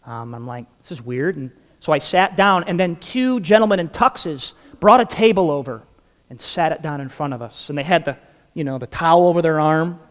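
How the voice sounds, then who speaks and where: A man's voice: on the high side, animated, normal speed, long reverb tail. A man preaching a sermon, telling a humorous personal story and acting out the dialogue before drawing the lesson. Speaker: pastor.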